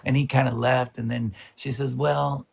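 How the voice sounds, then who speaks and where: A man co-hosting a podcast, telling a long, animated story in casual chat. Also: medium pitch, normal speed, creaky, husky. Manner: animated storyteller who breaks into laughter. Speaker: podcast co-host.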